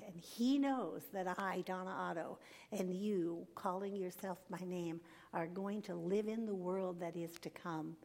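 An older woman giving a devotional talk, earnest and emphatic, slowing down and sometimes dropping to a whisper. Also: on the low side, darkish tone. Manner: earnest, slow and emphatic, drops to a whisper at times. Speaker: speaker.

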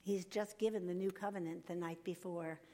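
An older woman giving a devotional talk, earnest and emphatic, slowing down and sometimes dropping to a whisper. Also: on the low side, steady tone, warm tone. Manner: earnest, slow and emphatic, drops to a whisper at times. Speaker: speaker.

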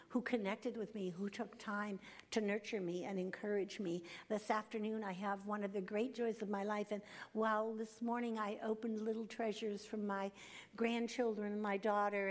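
A woman's voice: mid-range voice, a little mellow. Older woman giving an earnest devotional talk. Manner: earnest, slow and emphatic, drops to a whisper at times. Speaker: speaker.

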